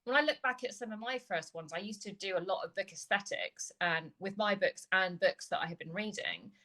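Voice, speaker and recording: English woman host, upbeat and chatty, crisp bright tone, easy interview. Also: mid-range voice, animated, rough recording. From England, with childhood years in California. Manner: chatty and upbeat, quick to agree. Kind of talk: casual video-call chat.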